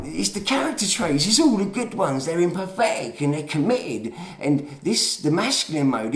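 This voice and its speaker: A man's voice: mid-range voice, creaky, echoey room. A man giving a rambling, emphatic monologue full of swearing and chatty asides. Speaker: video lecturer.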